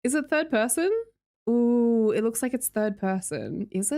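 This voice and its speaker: A woman's voice: a little high, lively intonation, moderate pace, mellow. A young Australian woman streaming live, chatting casually with her viewers and reading out their messages, bubbly and laughing often.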